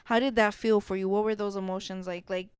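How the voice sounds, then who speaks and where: Smooth-voiced woman podcast host. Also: medium pitch, steady tone, fairly quick, no room sound. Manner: laughing, cursing, teasing. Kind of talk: casual chat.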